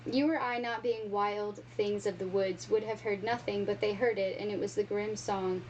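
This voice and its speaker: A woman reading a children's storybook aloud with expressive, animated storytelling. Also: mid-range voice, normal speed, lo-fi sound, a little hiss or hum. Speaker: reader.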